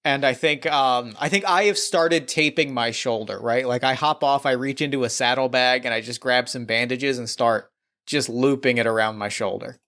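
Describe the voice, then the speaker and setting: A man's voice: medium pitch, normal speed, fairly bright tone. A man improvising a tabletop role-play story in casual chat, thinking aloud as he proposes scenes.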